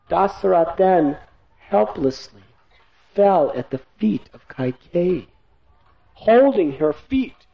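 A man telling an epic tale in measured, vivid storytelling. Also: high voice, lively intonation, gravelly, dark tone, dull audio. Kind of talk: dramatic storytelling.

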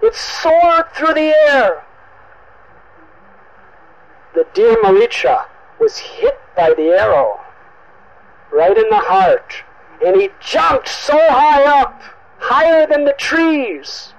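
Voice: mid-range voice, sing-song, slow pace, rough recording. A storyteller dramatically recounting an epic in a vivid, emphatic manner. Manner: vivid, emphatic, repetitive for effect.

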